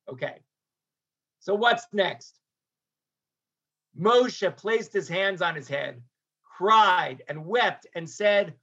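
A man teaching a religious text as a lecture, animated and voicing its characters, often restarting mid-phrase. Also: sits high, slow, long pauses, slightly rough, highs cut off.

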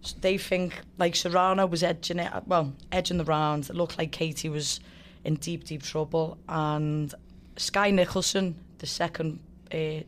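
Animated woman telling a story. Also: deep voice, a little hiss or hum. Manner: animated, swears freely, acts out quotes. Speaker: guest fighter. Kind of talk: casual storytelling.

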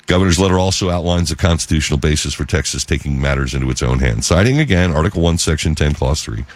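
A man hosting a talk radio show, delivering an emphatic news monologue and slowing down to stress figures. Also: very deep voice, animated, dry recording.

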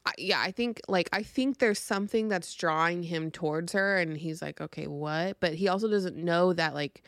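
A woman co-hosting a book podcast, talking in a relaxed, conversational way and pushing back easily. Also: on the low side, normal speed, dry recording, studio quality. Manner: relaxed, conversational, easygoing disagreement. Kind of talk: casual book discussion.

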